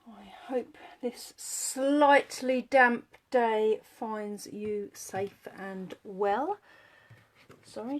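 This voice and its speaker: A woman running a live craft tutorial, talking viewers through her work in a fairly high voice. She speaks at an unhurried pace, chatting, thinking aloud and greeting people by name as she goes. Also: slight background noise. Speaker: papercraft demonstrator.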